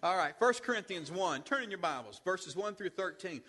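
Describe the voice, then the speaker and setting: A male pastor preaches in a high, expressive voice that swings widely in pitch. He peppers his sermon with asides to the congregation. His voice rings out with the long reverb of a church sanctuary. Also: moderate pace, few pauses. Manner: animated preaching with call-and-response asides.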